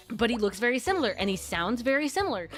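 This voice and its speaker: A woman streamer casually retelling a long dream story, full of "like" and slow dramatic pauses. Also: on the high side, bright, forceful tone.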